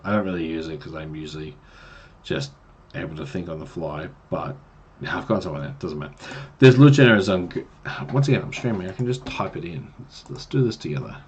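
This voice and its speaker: Man, low voice, chatty game master advice, rambling, livestream, muffled mic. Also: a little fast, darkish tone, a little hiss or hum. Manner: rambling, chatty, many fillers and restarts. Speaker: dungeon master giving tips. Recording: dull lo-fi stream mic.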